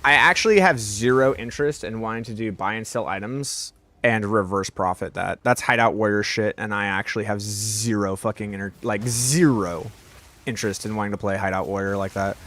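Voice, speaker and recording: A man's voice: fairly low pitch, brisk, a bit bright, no room sound. A young man live-streaming a game, chatting casually with his viewers, rambling and swearing often.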